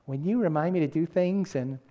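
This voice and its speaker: A man's voice: fairly high pitch, fairly quick, dull audio. A middle-aged man preaching a sermon in an earnest, conversational way, often restarting his sentences. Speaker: pastor.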